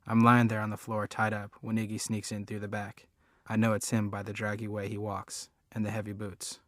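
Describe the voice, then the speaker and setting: A man narrating an audiobook in a plain, measured storytelling manner. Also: on the low side, completely flat delivery, a bit bright, no echo, studio quality. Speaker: audiobook reader. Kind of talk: scripted narration.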